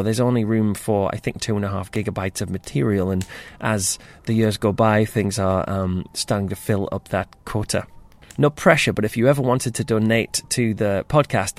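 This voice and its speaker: A man's voice: lowish voice, gravelly, dry recording. A man hosting a podcast, chatting through his topic with self-deprecating asides. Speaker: podcast host. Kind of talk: casual scripted podcast talk.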